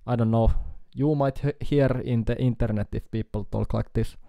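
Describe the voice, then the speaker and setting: A man from Finland with a Finnish accent, chatting casually on a live stream with halting speech, fillers and chuckles. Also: medium pitch, fairly even intonation, creaky, warm tone, no room sound. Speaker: guitar YouTuber streaming.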